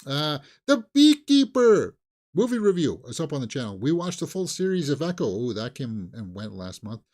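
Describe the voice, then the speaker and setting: A man hosts his own movie news talk, rambling casually from one thought to the next. His pitch swoops up and down in a lively way, and he drops into mocking little put-on quotes. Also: moderate pace. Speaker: movie news channel host. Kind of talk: casual solo commentary.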